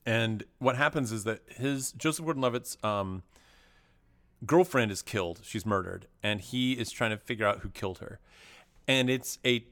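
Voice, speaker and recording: A man co-hosting a podcast, talking through movies in a loose, rambling way. His pitch sits in the middle, and he restarts sentences often and drops crude jokes. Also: normal speed, a bit bright. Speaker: podcast co-host. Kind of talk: casual chat about movies.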